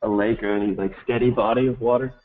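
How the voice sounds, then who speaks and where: A man's voice: medium pitch, fairly even intonation, fast talker, narrow, tinny audio. A man answering as a student in a casual tutoring session, laid-back and hesitant, feeling his way through answers. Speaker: exam student.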